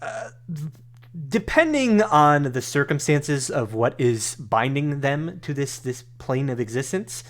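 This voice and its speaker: A man runs a tabletop game in a middle-pitched voice. He narrates loosely and casually, stopping often to restart his sentences. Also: big pitch swings, a little slow. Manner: rambling narration full of fillers and restarts. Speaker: game master.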